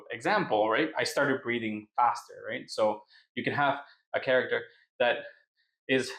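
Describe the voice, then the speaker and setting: A man's voice: medium pitch, fairly bright tone. Chatty man with an echoey room sound. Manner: explains with many "right?" tags. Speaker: podcast co-host. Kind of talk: casual chat.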